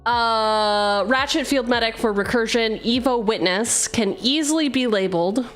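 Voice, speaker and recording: A young adult woman hosting a casual live stream about building a card-game deck, playful and teasing, mixing card text with banter. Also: medium pitch. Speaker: streamer host.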